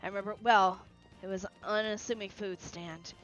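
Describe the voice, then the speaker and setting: A woman's voice: mid-range voice, fairly even intonation, fairly quick, a bit bright, natural voice. A woman reading aloud as a cheerful young heroine exploring a city, with faint music behind on a lo-fi recording. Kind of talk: reading game dialogue aloud.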